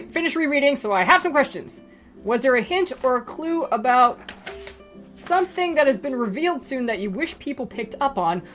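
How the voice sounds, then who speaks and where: A woman casually chatting through reader questions about her comic, rambling with lots of fillers and asides. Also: high voice. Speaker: webcomic creator answering reader questions. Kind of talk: casual Q and A chat.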